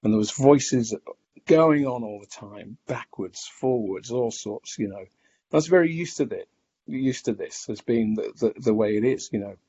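A man telling his own story in a reflective, halting way, with many restarts and fillers. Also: mid-range voice, dark tone, breathy edge. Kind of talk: personal testimony. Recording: dull lo-fi recording.

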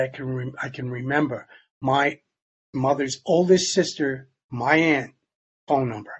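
A man telling a personal story in plain, halting words, sometimes dropping almost to a whisper. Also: mid-range voice, breathy edge, lo-fi sound. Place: Long Island, New York.

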